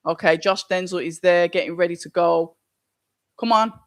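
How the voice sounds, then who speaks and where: A casual, chatty host, reading out viewer comments on a live watch-along stream and reacting as they go. The voice is mid-pitched and recorded dry and close, with no room sound. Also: fairly even intonation, normal speed, no room sound. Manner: casual, chatty, thinks aloud.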